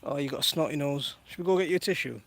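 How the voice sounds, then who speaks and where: A man's voice: on the high side, racing, creaky, a bit bright. A man in his thirties chatting casually on a live stream from his garden while minding his toddler, laughing often and reading viewer comments aloud. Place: outdoors in a garden.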